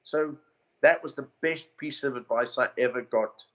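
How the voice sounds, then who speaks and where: A man's voice: medium pitch, normal speed, lo-fi sound. A man with a South African accent, a comedian guest telling career stories in a casual interview. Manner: animated anecdotes with put-on quoted voices.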